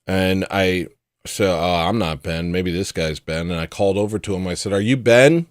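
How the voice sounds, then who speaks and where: Deep-voiced man telling a rambling story. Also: steady tone, moderate pace, clean tone, dry recording, studio quality. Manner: rambling, with frequent restarts and fillers. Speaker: livestream show host. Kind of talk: casual storytelling on a livestream.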